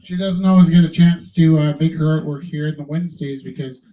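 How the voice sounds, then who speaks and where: A man casually introducing a colleague's artwork to a live audience in a brisk, chatty way. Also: on the high side, steady tone. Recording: dull lo-fi sound.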